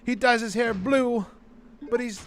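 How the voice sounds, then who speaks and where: A man on a gaming livestream voicing a cheeky British bloke in a loud, high, exaggerated mock British accent. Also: steady tone, a little slow, slight background noise. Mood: joking. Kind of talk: joking accent impression on a game livestream.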